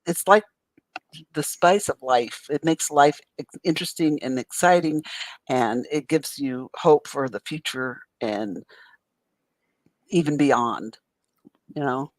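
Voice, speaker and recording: A woman's voice: rumbling low, slow, long pauses, no echo, low-quality recording. An older woman co-hosting a casual paranormal talk stream, enthusiastic and prone to repeating herself. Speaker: paranormal investigator co-host. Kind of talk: casual chat.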